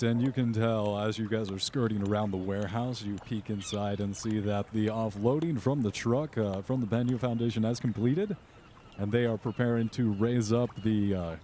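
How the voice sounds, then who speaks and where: Man, game master, low mellow voice, rambling narration, lots of uh and um. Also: a little hiss or hum. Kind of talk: narrating a tabletop horror game.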